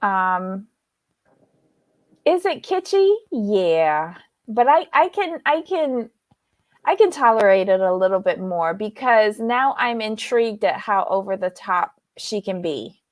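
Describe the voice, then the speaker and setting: Slow-talking woman recapping a show. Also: medium pitch, very animated, no echo. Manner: chatty, rambling with fillers and restarts. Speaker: podcast co-host. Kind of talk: casual recap chat.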